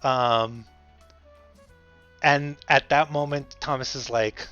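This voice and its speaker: A man's voice: medium pitch, steady tone, takes it slowly, pauses often, bright, forceful tone. A man streamer telling a story in a casual, rambling way, often correcting himself and chuckling. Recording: slightly dull audio, faint music. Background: faint music.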